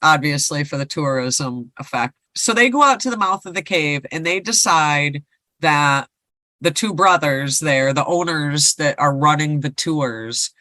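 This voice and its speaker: A woman's voice: low-pitched, unhurried, bright, forceful tone, no room sound. A woman co-hosting a podcast, casually retelling a ghost story and rambling with lots of fillers. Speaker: podcast co-host.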